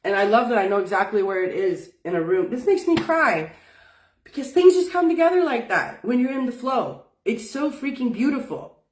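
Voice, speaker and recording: A woman's voice: on the high side, animated, fairly quick, recorded from a distance. A woman teaching spiritual wellness in casual talk, folksy and emphatic, swearing freely. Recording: roomy sound from off-mic.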